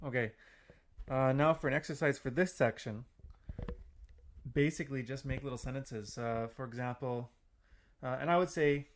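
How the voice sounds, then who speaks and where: A man teaching an audio language lesson in a loose, chatty way, with many fillers and restarts, slowing down to spell out example phrases. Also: medium pitch.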